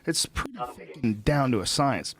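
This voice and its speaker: A man's voice: medium pitch, normal speed, slightly rough, no room sound. A middle-aged man hosting a podcast, talking casually with comedian friends. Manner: relaxed, swears casually. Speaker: podcast host. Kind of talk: casual chat.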